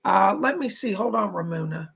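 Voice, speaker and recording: A man's voice: sits high, animated, normal speed, gravelly, fairly bright tone, breathy edge. A man hosting a livestream, giving psychic readings to viewers, reassuring and chatty with many fillers. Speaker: psychic medium host.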